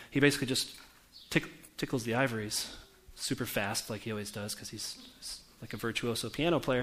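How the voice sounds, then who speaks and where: In a church, a pastor in his forties preaches a conversational sermon, putting questions to the congregation. His voice is medium-pitched with a sharp tone.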